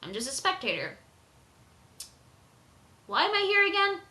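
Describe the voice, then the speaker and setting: A woman voicing a bored male bystander who talks flatly and quietly. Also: very high-pitched, unhurried, heavily acted. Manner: flat, listless, quiet. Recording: echoey room.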